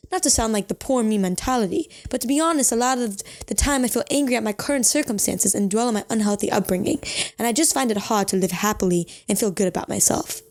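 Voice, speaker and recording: A woman voicing an earnest young letter writer in a playful mock-British accent, reading the letter aloud in a higher, sing-song voice. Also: darkish tone, lightly acted.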